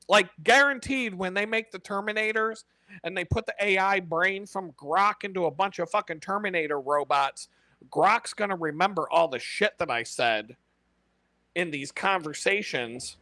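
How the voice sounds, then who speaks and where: A man hosting a casual live stream, talking in an animated, profane way and laughing often. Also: a little high, normal speed, no echo.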